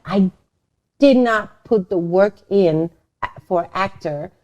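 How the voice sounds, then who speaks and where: A middle-aged woman with a foreign accent, a guest in a casual interview, telling stories with animated energy and quick shifts into voices of other people. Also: mid-range voice, highs cut off. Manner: animated storytelling, acts out quoted voices. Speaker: interview guest, actress and former dancer.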